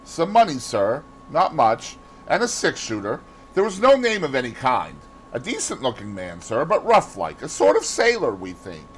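Deferential gamekeeper, voiced by a Boston man, plain-spoken, soft hiss behind. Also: mid-range voice, huge pitch swings, moderate pace, pitched above the performer's own voice. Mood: respectful. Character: deferential working-class male gamekeeper.

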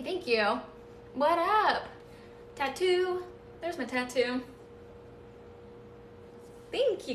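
A woman with a high, fairly bright voice hosts a casual live stream, chatting with viewers, thanking them, and letting out playful nervous laughs. She's recorded from a distance and off-mic in an echoey room, with slight background noise.

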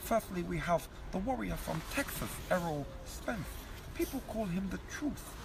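A man's voice: high voice, expressive, normal speed, vocal fry, noisy background. A man doing a comic impression of a pompous male boxing veteran who speaks in a stilted, formal way with an affected posh English accent and no contractions.

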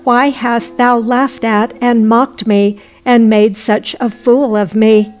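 A woman's voice: fairly high pitch, level tone, slow pace, a little mellow. A woman voicing an angry, drunken peasant man who demands his goods back. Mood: indignant. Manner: indignant, demanding.

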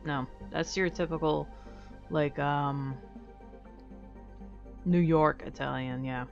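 Low-voiced American woman chatting on stream. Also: fairly even intonation, takes it slowly, creaky. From United States. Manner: candid, profane and self-mocking. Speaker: live streamer. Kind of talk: casual chat with viewers. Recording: dull lo-fi stream audio. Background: faint music.

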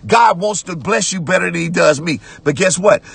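A man preaching a sermon as pastor, repeating phrases and breaking into shouts while reading scripture. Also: high voice, moderate pace, gravelly, slightly rough. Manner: preaching with repetitions, rising to shouts; conversational church talk, "watch this".

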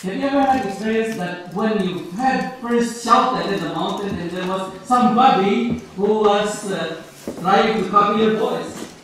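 A man's voice: high-pitched, measured pace, a bit bright, a little hiss or hum. A man from the Philippines with a Filipino accent, preaching a sermon that tells a story and asks his congregation questions. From Philippines, Ilocos Norte. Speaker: pastor. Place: church in Canada. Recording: echoey church hall, distant mic.

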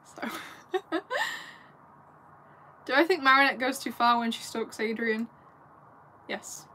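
A woman's voice: on the high side, slow, sharp tone, a little hiss or hum. A young English woman from the north of England, chatting casually on a livestream, giggly and rambling as she answers viewers at home.

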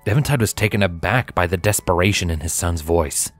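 A man reading a fanfiction story aloud in an expressive storytelling manner. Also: low voice, brisk, faint music behind. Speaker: fanfiction reader. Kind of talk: audiobook narration.

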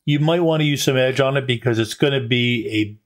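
Before a convention audience, a game master runs a tabletop game, his mid-range narration faltering with repeated ums and false starts.

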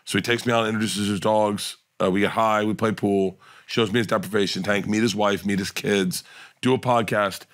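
A male comedian guest in a casual podcast chat, telling animated, rambling anecdotes full of restarts and laughs. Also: on the low side, a little fast.

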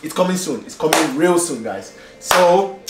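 A man's voice: fairly high pitch, animated, moderate pace. A man vlogging casually from a hotel room, rambling and laughing as he talks. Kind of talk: casual vlog chat. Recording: echoey room with faint noise.

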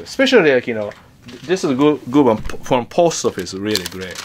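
A man teaching guitar in a casual lesson, chatty and halting, often repeating words as he demonstrates. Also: mid-range voice, big pitch swings, slight background noise.

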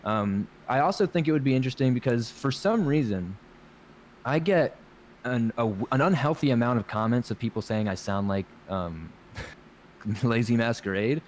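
A man's voice: medium pitch, lively intonation, moderate pace, a little mellow, slight background noise. A man with a light Southern American accent, a guest narrator chatting casually and laughing as he acts out other people's lines. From Southern United States. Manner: laid-back, laughing, acts out quoted voices. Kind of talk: casual interview chat.

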